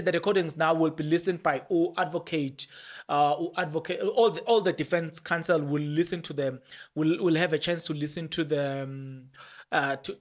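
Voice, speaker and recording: A podcast host gives casual commentary on court proceedings, talking freely and often repeating or restarting phrases. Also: medium pitch. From South Africa. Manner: talkative, repeats and restarts phrases, reads out documents.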